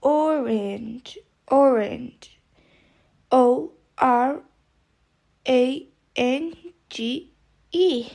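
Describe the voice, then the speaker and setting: A woman's voice: high voice, drawn-out words, vocal fry, long pauses, darkish tone. A woman teaching English vocabulary, saying each word several times and spelling it out letter by letter. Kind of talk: vocabulary lesson, slow spelling drills.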